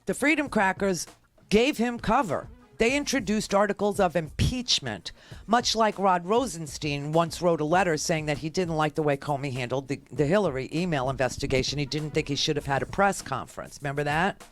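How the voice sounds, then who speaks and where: A woman's voice: sits low, fairly quick, faint music behind. A woman talk radio host giving a sarcastic, ranting political monologue.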